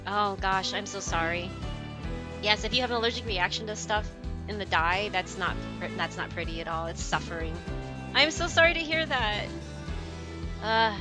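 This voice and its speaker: A woman streaming a game, chatting with viewers in a giggly, rambling way and telling stories. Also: medium pitch. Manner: chatty, giggly, tells anecdotes. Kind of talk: casual chat with stream viewers. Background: game music.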